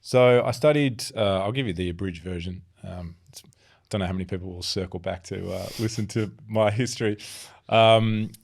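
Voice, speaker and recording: A relaxed Australian man from Melbourne speaks as a podcast guest, his voice low and full of gravelly fry. He talks easygoing and self-deprecating, loose and unhurried. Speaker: podcast guest, software founder. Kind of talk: casual interview chat.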